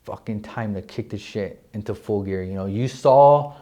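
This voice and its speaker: Casting: young man from New Mexico, lowish voice, swearing storyteller who leans hard on "like". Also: moderate pace. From New Mexico, USA. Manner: excited, profane, heavy use of "like". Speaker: guest, real estate agent. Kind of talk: casual interview storytelling.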